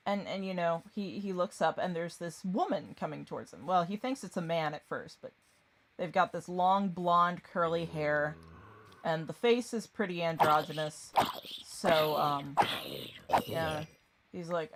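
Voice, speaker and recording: A woman's voice: deep voice, measured pace, a little hiss or hum. A woman streaming a game, chatting casually and rambling, often distracted. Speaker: gaming streamer. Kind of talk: casual chat while gaming.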